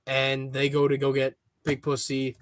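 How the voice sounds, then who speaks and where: A man talking as a podcast guest in a casual, rambling chat, restarting his sentences often and getting excited. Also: mid-range voice, normal speed, a little hiss or hum.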